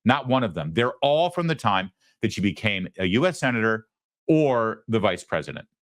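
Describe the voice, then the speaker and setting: A man's voice: on the low side, big pitch swings, moderate pace, no echo. A man hosting a show, giving opinionated political commentary with frequent stammered restarts. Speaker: host.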